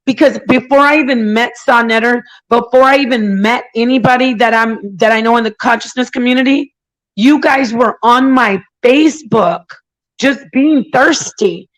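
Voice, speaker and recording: A woman's voice: on the high side, normal speed, rough recording. A woman hosting her own channel, telling a story in an indignant casual rant with mocking impressions of others. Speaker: channel host.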